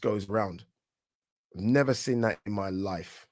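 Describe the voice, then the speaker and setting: A man with a British accent giving casual live commentary on a boxing match for his channel, chatty and quick to react, often restarting his words. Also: on the low side. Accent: British English. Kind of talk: live watch-along fight commentary.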